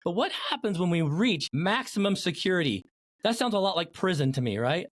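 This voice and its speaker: A man hosting a podcast interview, an animated storyteller who acts out the people he quotes. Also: sits high, brisk, no echo, studio quality. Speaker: podcast host.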